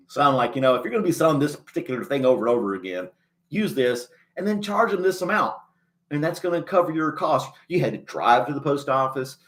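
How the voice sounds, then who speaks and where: A man hosting a casual livestream chat, rambling in a folksy way and chuckling often, a little choked up and clearing his throat. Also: a little high, sing-song, fairly quick, a bit bright. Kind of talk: casual chat reading a live chat.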